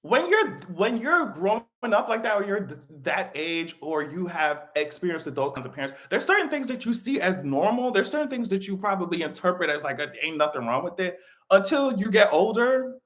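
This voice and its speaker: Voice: mid-range voice, fairly quick, few pauses. A live-stream commentator talking casually, swearing freely and laughing often. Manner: profane, animated, laughs often.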